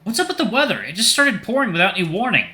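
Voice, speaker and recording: A man's voice: high voice, big pitch swings, very fast, pushed and bright, voice pushed up, full character voice. Young guy in his twenties, casual and a bit defensive, raised voice; a man reads him. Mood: shaken. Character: 23-year-old unemployed man, defensive traveler.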